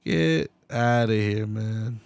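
A man's voice: lowish voice, slow, gravelly, a little mellow, no room sound. Heated, profane male podcast host. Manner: profane, heated, swinging into mocking voices. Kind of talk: solo podcast rant.

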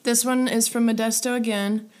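A woman's voice: a little high, flat delivery, moderate pace, a little mellow. A woman co-hosting a casual podcast, reading personal ads aloud in a mock-earnest tone with dry teasing remarks. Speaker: podcast co-host.

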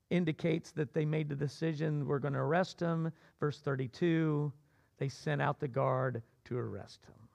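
A man preaching a sermon as pastor, swinging between loud emphatic cries and low asides. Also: vocal fry.

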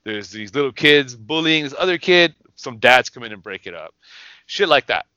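Heated, profane man in a bright voice. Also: mid-range voice, lively intonation, moderate pace, smooth, no room sound, highs cut off. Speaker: podcast co-host. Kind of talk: casual profane rant.

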